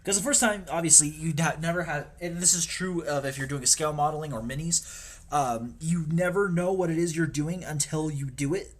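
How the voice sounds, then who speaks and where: Male streamer, slightly high voice, casual rambling hobby chat at the paint desk, self-deprecating. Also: a little fast. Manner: rambling, self-mocking, drops into whispers while concentrating.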